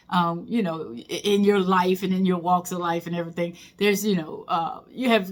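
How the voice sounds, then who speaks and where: A woman's voice: mid-range voice, a bit bright. Chatty laughing woman in her fifties. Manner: chatty, laughs often, folksy storytelling. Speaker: teacher and vlogger. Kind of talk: casual reflective monologue.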